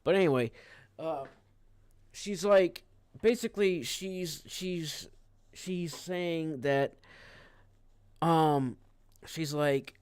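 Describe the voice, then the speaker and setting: A man's voice: a little high, drawn-out words, long pauses, a little mellow, smooth, no room sound, clean studio sound. A man streaming a casual rant, rambling and cursing, with frequent restarts. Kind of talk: casual ranting livestream.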